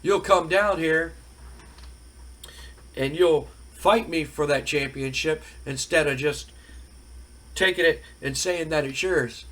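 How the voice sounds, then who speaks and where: A man's voice: on the high side, slow, long pauses, a bit bright. A man playing an indignant male wrestler who demands a rematch. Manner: indignant, challenging.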